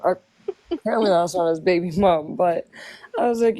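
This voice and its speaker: A woman talking casually on a live stream, animated and swearing, with lots of "like". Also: fairly low pitch, normal speed, pauses often, no room sound. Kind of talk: casual group live chat.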